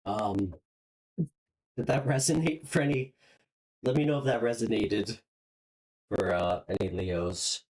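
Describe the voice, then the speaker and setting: A woman's voice: very deep voice, a little slow, long pauses, rough recording. A woman hosting a live tarot reading who talks straight to her viewers. She is openly emotional and hesitant, with frequent ums and restarts. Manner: emotional, openly moved, hesitant with many fillers; speaks warmly and directly to viewers. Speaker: tarot reader.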